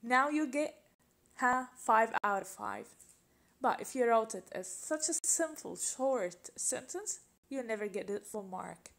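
A woman's voice: on the high side, lively intonation, a little slow, creaky, a bit bright. A woman teaching an English grammar lesson, patiently asking questions and repeating example sentences.

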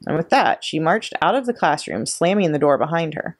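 A woman reading a children's chapter book aloud with expressive, dramatic delivery. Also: low voice, fairly quick, husky. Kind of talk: children's story read-aloud.

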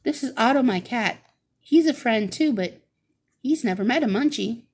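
A woman voicing a polite, puzzled young girl heroine in a storybook reading, higher than her own voice. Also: lively intonation, normal speed, darkish tone, breathy edge.

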